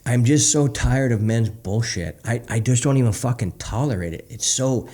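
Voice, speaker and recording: A man's voice: medium pitch, moderate pace, warm tone. Blunt, profane man ranting on a podcast. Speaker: podcast host and marriage coach. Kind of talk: candid podcast chat.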